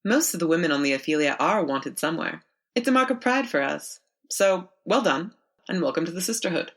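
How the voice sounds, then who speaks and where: A woman's voice: fairly low pitch, sing-song, a little fast. A woman reading as a self-assured smuggler woman. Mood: proud. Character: confident female boat pilot, wry smile.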